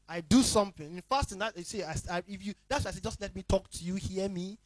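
A man preaching a sermon as the pastor, emphatic and repetitive, swinging between loud declarations and hushed asides. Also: high-pitched, fast talker, dry recording, low-quality recording.

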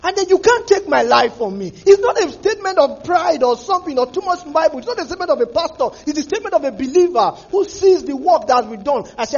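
A man preaching with fervour, his voice very high and husky. His pitch leaps and swoops as he repeats and restarts phrases, and the recording sounds dull and lo-fi. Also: sing-song, fairly quick. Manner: fervent, repetitive preaching with restarts. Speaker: pastor. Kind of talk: sermon.

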